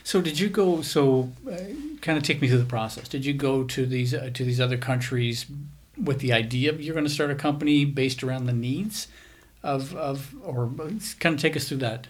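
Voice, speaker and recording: A man's voice: mid-range voice, normal speed. A man hosting a podcast, asking loose, rambling questions in a casual interview. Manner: asks rambling questions with restarts. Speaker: podcast host.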